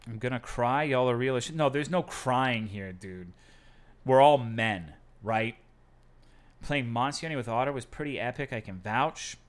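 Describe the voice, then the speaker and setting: A man's voice: mid-range voice, a little slow. A man streaming from home, chatting casually with his viewers in a profane, self-mocking, joking way.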